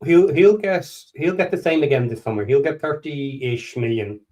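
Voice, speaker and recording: A man's voice: on the high side, moderate pace, warm tone. A man co-hosting a casual fan podcast, talking football in an earnest, analytical way and repeating words as he thinks. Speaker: podcast co-host.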